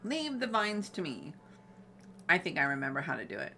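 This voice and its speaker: A woman's voice: low-pitched, wildly swooping pitch, normal speed, pushed and bright, slight background noise. A woman playing through a cozy game on stream, chatting casually with her viewers. She reads the game's dialogue aloud between her own comments. Her tone is friendly and conversational.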